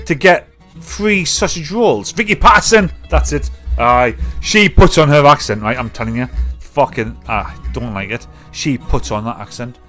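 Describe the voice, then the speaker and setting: A man's voice: a little high, a bit bright. A man, hosting a livestream and reacting to clips in sweary, mocking chat. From North East England. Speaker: livestream host.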